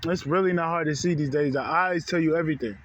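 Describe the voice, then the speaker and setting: Fed-up man ranting, slightly high voice. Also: quick pace, muffled recording, background noise. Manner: heated, profane, repetitive, says bro often. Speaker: spiritual vlogger. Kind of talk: casual rant to camera.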